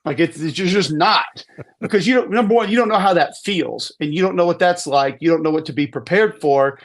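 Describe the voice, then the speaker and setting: A man's voice: fairly high pitch, brisk. A man giving an emphatic, conversational football breakdown on a podcast, often restarting sentences. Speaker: football analyst guest. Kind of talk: casual sports podcast talk.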